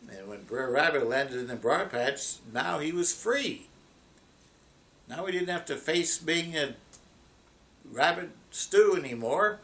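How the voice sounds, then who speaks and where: Slow-talking pastor guy telling a story to his congregation, unhurried. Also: a little high, animated, bright, forceful tone. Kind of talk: sermon with storytelling.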